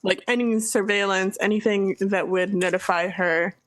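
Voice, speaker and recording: Woman player, medium voice, chatty and halting, lots of ums. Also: mid-range voice, steady tone, a bit bright, no echo, low-quality recording. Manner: chatty, halting, many fillers. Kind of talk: casual game chat.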